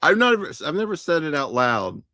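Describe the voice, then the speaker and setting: A woman co-hosting a casual livestream, playful and quick with jokes, laughing along. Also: low-pitched, very animated, fairly bright tone, no room sound, studio quality.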